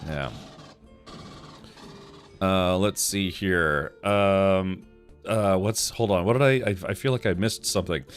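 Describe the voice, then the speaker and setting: A man's voice: low-pitched, slow pace, pauses often, clean tone, soft background music. A man hosting a casual livestream, joking and rambling as he reads chat messages aloud. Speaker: livestream host.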